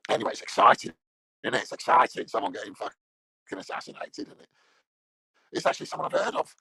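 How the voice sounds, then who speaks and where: A middle-aged man rambles through a live stream, swearing freely and mocking whatever he reads. His voice is gravelly and jumps around in pitch. The sound is dry and close. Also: sharp tone, dry recording.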